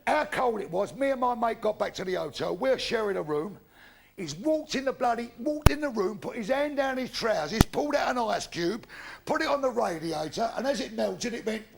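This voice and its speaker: Live from a theatre with laughing crowds, this stand-up is a London man in his fifties trading in bawdy humor and acting out each figure in a changing voice. The gravelly delivery is very high-pitched and expressive, at normal speed, with slight background noise.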